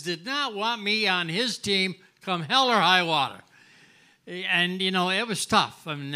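Older man, fairly high voice with a sharp, forceful edge; casual storyteller acting out both sides of a conversation, stumbling and restarting. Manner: animated, acts out dialogue, many restarts. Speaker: guest. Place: restaurant live event.

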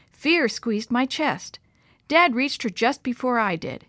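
A middle-aged woman reading a children's story aloud in a gentle, expressive storytelling voice. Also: on the high side, slow pace, no echo, studio quality.

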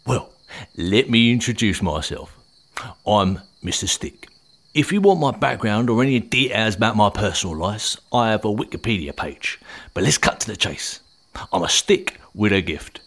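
A man voicing a cocky, teasing magic talking stick with a Cockney accent in a children's story, husky and lively. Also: on the low side, moderate pace. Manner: brash, teasing, blunt. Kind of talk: storybook voice acting.

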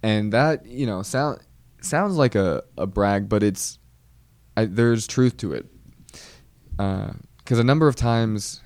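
The podcast-hosting comedian here has a fairly low, slightly mellow voice with no room sound. He rambles wryly through a casual monologue story, interrupting himself mid-sentence again and again.

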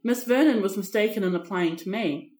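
A woman reading aloud and voicing a flustered, impetuous young gentleman explaining himself apologetically. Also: mid-range voice, a little fast, close to an everyday voice. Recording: echoey room.

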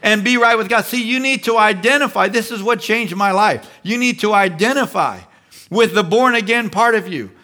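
A man preaching a sermon with animated delivery, often acting out the inner voices he describes. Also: sits high, moderate pace. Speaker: pastor.

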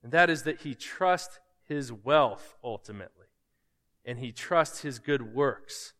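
A man's voice: mid-range voice, expressive, a little slow, fairly bright tone, long reverb tail. A man pastor preaching a sermon, emphatic, often asking his listeners rhetorical questions.

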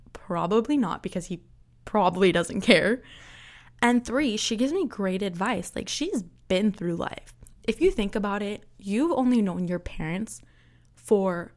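A woman in her twenties hosting her own podcast alone, chatting casually, laughing often and filling her sentences with "like". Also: mid-range voice. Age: 20s. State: out of breath. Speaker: podcast host. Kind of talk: casual solo podcast chat.

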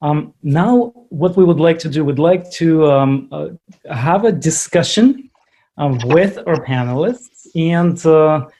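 A man moderating a webinar, thanking the speaker and talking haltingly with many fillers. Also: fairly high pitch, warm tone. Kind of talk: hesitant moderating.

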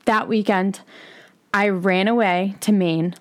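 A woman's voice: medium pitch, fairly even intonation, slow. A woman in her twenties hosting a solo podcast, talking in a rambling, confessional way and swearing freely. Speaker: podcast host. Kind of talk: candid solo podcast monologue.

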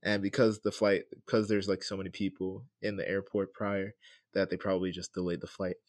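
A young man with a lowish voice hosts his own podcast and talks through a story off the cuff. He keeps it casual and conversational, often asking "right?" as he goes. The sound is close and dry, with no room around it. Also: level tone, fairly quick, dry recording. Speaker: podcast host.

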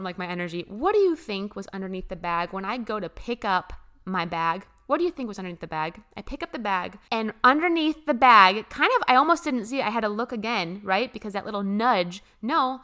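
A young woman chats about spirituality in a bright, ringing voice. She talks in a gushing, emphatic way and swears casually as she goes. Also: medium pitch, lively intonation, brisk, hardly any pauses. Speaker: spiritual vlogger.

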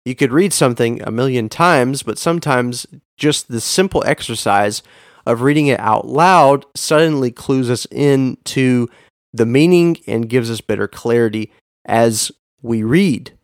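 A sincere male podcast host teaches listeners directly, speaking a little slowly and hitting key words hard with sudden pitch jumps. His voice is in an ordinary middle register and sounds close and dry, with almost no room around it and no echo.

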